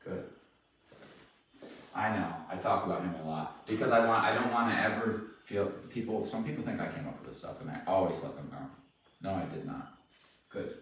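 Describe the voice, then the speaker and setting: A man working as a dog trainer, explaining casually in a relaxed, rambling way while praising the dog. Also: low voice, normal speed, slight background noise. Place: indoor room with dogs. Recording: echoey room, mic far off.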